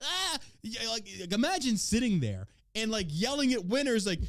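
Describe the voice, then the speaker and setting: A man's voice: very high-pitched, big pitch swings, normal speed, hardly any pauses, no echo, clean studio sound. A man hosting a podcast in casual chat, brash, profane and mocking as he reacts to the news and to his chat. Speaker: podcast host.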